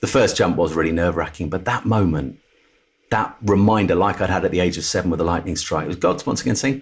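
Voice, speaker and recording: A man's voice: deep voice, fast, slightly rough. A middle-aged Englishman, a TV presenter and podcast guest, telling his personal story with candour and acting out the voices of others. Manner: animated storyteller who acts out the voices of others.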